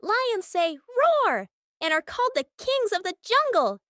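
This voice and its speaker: A woman hosting a children's lesson, reading scripted narration for toddlers in a sing-song voice, naming each word slowly and with exaggeration. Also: very high-pitched, big pitch swings, a bit bright, no echo, studio quality. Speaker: children's educational host.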